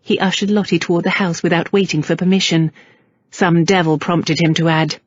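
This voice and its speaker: Husky woman narrating an audiobook. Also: lowish voice, steady tone, fairly quick, no room sound, highs cut off. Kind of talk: scripted narration.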